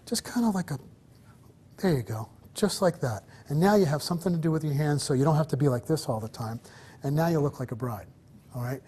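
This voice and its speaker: This wedding photography teacher talks fast, his voice on the high side, mellow and slightly rough. Moving around a hotel interior, he directs his subject and explains to viewers by turns, coaching and encouraging throughout.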